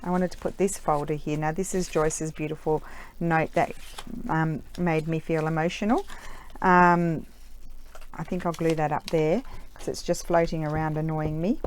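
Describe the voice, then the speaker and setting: A middle-aged Australian woman chats away as she works on a craft project, her voice sitting a little low for a woman. She meanders from story to story, stopping and restarting her sentences and filling gaps with "um". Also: flat delivery, moderate pace, a little hiss or hum. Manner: chatty, rambling, many fillers and restarts. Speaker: craft vlogger. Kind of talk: casual storytelling while crafting.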